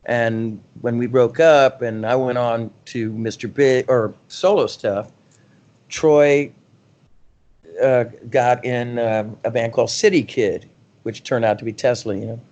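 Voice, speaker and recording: A man's voice: mid-range voice, measured pace, dull audio. Middle-aged man spinning rambling rock anecdotes. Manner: animated, rambling anecdotes with frequent laughs and self-deprecation. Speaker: guest rock singer. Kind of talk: casual interview storytelling.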